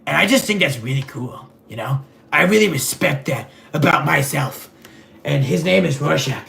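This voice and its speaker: A man playing a vain, clueless rich male superhero in a comedic livestream sketch, rambling in a deadpan, gravelly voice. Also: a little high, normal speed, heavily acted. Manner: rambling, deadpan, self-absorbed.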